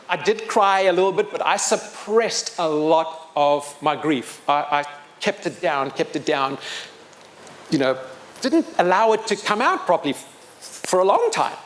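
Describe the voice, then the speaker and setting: A man's voice: sits high, fairly bright tone. A middle-aged man, telling a personal story to a live audience and acting out the dialogue with emotion. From South Africa. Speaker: children's author and speaker.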